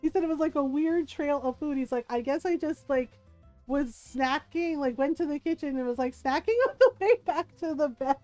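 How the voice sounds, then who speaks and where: A woman's voice: high voice, moderate pace, warm tone, soft background music. A woman livestreaming a game, casually telling a story to her chat, giggling often and acting out the voices of the people she quotes. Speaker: livestream gamer.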